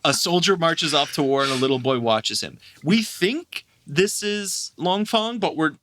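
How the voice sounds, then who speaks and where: A man's voice: fairly high pitch, lively intonation, unhurried, fairly bright tone, slight background noise. A man co-hosting a movie podcast, casually recapping scenes, swearing freely and acting out lines. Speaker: podcast co-host.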